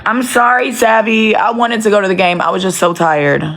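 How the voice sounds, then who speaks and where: A woman's voice: mid-range voice, fairly even intonation, moderate pace, a bit bright, slight background noise. A woman livestreaming casually from home on her phone, blunt and profane, breaking off to talk to her dogs. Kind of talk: casual live chat with viewers.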